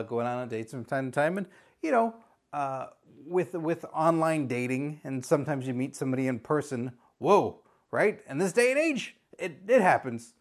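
A man from Southern California in his thirties, hosting a podcast as a casual solo chat, rambling and joking at his own expense. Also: medium pitch. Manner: rambling, self-mocking, jokey, with animated put-on voices. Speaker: podcast host.

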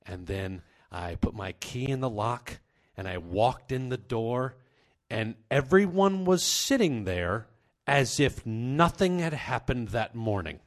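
Wry man telling a comic story. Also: mid-range voice. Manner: wry, self-deprecating.

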